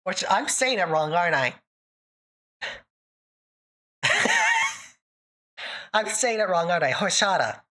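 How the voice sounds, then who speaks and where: A woman's voice: fairly low pitch, animated, slow, pauses often, bright, forceful tone. A woman streamer from Canada in casual live chat, playful and self-mocking, laughing often.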